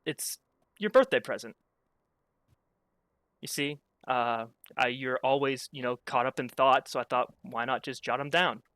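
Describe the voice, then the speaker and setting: A man's voice: medium pitch, unhurried, fairly bright tone, dry recording, lightly acted. A man voicing a poised female council official with a teasing, pointed manner. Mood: sheepish.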